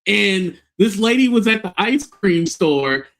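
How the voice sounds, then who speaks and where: A man casually retelling an online drama as a commentary host, animated and often acting out the voices of the people he quotes. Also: high-pitched, slow pace, creaky.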